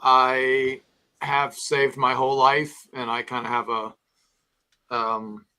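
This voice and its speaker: Man, call-in guest, bright tense tone, soft-spoken, hesitant, mid pitch. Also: level tone, slow, clear, resonant tone. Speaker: guest on the show. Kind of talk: casual call-in chat.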